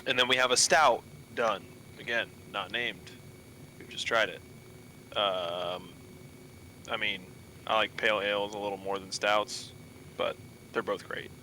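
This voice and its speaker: Bright-voiced man rambling about beer. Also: on the low side, fairly even intonation, a little slow, long pauses, slight background noise, rough recording. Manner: rambling, many ums and restarts. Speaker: podcast co-host planning a brewery. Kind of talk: casual chat.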